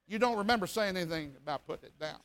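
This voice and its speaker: Man, revival preacher, folksy sermon story, animated, high bright voice. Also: very fast, smooth.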